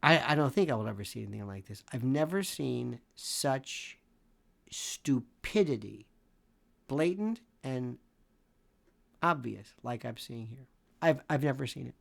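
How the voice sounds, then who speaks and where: A man in his sixties delivers opinionated legal commentary with a gravelly, fry-laced voice. His pitch swoops widely from near-shouted exclamations down to low mutters. He hammers his points home by repeating phrases. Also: lively intonation, measured pace. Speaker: legal commentator and show host.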